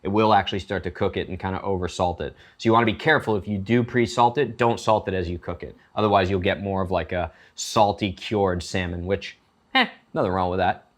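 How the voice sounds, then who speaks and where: A middle-aged chef hosts a casual cooking demonstration, chatting through each step and drifting into joking tangents. He has a low voice with fairly even intonation and talks briskly.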